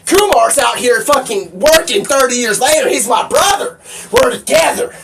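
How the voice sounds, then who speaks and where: A man streaming live, rambling excitably and swearing a lot, sometimes shouting. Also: very high voice, normal speed, vocal fry. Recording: distant mic with faint background noise.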